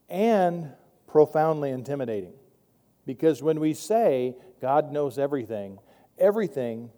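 A man preaches a sermon in a mellow, slightly raised voice, talking in a loose and wry way and often starting sentences over. The voice rings with the long reverb of a large hall. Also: fairly high pitch. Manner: conversational, wry, with frequent restarts. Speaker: pastor.

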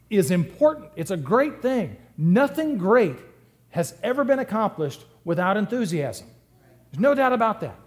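A man delivers a sermon in a church with a somewhat high voice. He talks in a conversational, humorous way and lets his volume rise and fall sharply for emphasis. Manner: humorous, conversational, lively swings in loudness. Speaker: pastor.

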